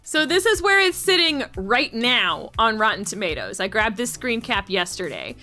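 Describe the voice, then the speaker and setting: A woman streaming live, chatting with her viewers in an animated way and often laughing. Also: fairly high pitch, moderate pace. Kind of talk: casual live-stream commentary. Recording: faint music behind.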